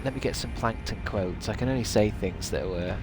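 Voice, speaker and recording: A man's voice: on the low side, brisk, music in the background. A man streaming a game, musing aloud in casual, rambling chat with many restarts.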